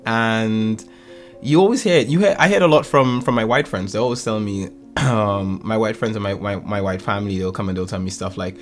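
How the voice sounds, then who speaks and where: Low-voiced man chatting casually. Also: a little fast, faint music behind. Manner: rambling, animated storytelling with laughs. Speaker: podcast host. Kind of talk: casual chat.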